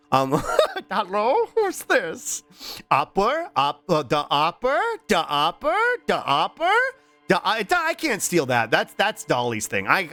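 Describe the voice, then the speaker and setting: A man's voice: medium pitch, a bit bright, clean tone, dry recording. A man streaming a game in casual, playful chat, rambling with lots of repeated fillers. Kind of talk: casual livestream chat while gaming.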